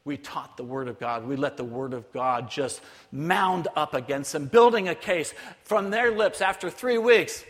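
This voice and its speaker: A man giving a missionary sermon as a lively story, acting out other people's voices. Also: fairly high pitch, a little slow. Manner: animated, acts out voices of others. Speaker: missionary speaker. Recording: long hall reverb.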